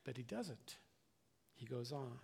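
A man's voice: medium pitch, expressive, slow, creaky, darkish tone, a little hiss or hum. An older man preaching a conversational sermon as a pastor, earnest and plainspoken, often restarting and repeating words.

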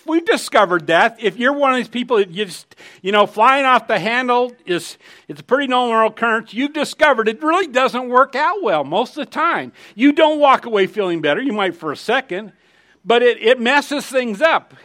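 A man's voice: very high-pitched, lively intonation, normal speed, fairly bright tone. A middle-aged man preaching a sermon, conversational and emphatic, telling personal stories. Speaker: pastor.

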